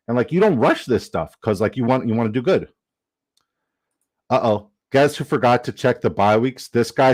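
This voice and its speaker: A young man casually chatting on a live stream, reading chat comments aloud, excitable and swearing freely. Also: medium pitch. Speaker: fantasy football streamer.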